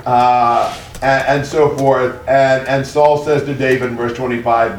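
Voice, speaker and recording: A man's voice: mid-range voice, steady tone, measured pace, hardly any pauses, a little hiss or hum. A man leading a Bible study group, explaining a passage in a loose, conversational way with many fillers. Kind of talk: casual Bible study discussion. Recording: echoey room, far from mic.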